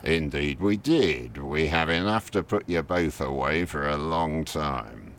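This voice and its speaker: A man's voice: extremely low pitch, a little slow, a bit bright, exaggerated voice. A man playing a security officer who makes a formal arrest in a commanding way. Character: stern male security officer making an arrest.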